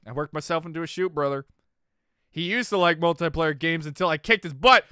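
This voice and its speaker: A young adult man chatting casually on his stream, telling stories animatedly, swinging from mumbles to loud exclamations, laughing and swearing freely. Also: on the high side, a little fast, clear, resonant tone, no echo, clean studio sound. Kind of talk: casual chat.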